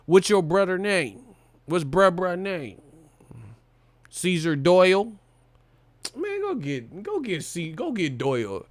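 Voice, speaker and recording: A man's voice: high-pitched, sing-song, dry recording, voice pushed up, heavily acted. A man voicing a cocky young tough who brags and makes threats about his big brother. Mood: boastful. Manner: boastful, threatening, rapid.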